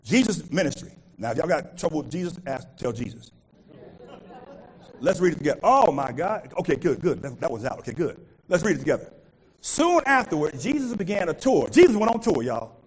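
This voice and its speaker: Male pastor, husky and high-pitched, animated call-and-response preaching. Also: a little fast, low-quality recording. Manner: animated preaching, asks congregation to fill in words.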